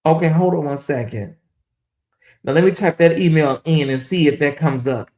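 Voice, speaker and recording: A woman host talking on her own commentary stream in a loose, casual way. She drops into low murmurs, then rises into loud, emphatic outbursts. She repeats herself often, as if thinking out loud to her viewers. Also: moderate pace. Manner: animated, repeats questions, swings from muttering to exclaiming.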